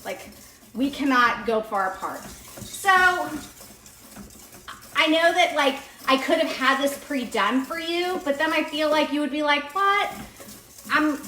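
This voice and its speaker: Chatty woman baker going live from her kitchen, bright tense voice, faint mixer and pans behind. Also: high voice, animated, unhurried, reverberant, slight background noise, rough recording. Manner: chatty and enthusiastic, answers viewers' comments. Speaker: home baking instructor. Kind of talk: live-streamed baking demo. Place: home kitchen. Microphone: on-camera mic, moved around the kitchen. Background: mixer and kitchen clatter.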